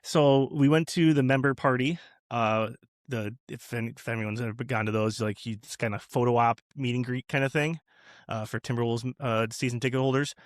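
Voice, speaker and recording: A man's voice: mid-range voice, fairly even intonation, moderate pace, no room sound, studio quality. A man telling a long personal story in a casual podcast chat, rambling with many fillers and restarts and laughing often. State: new father. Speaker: podcast guest.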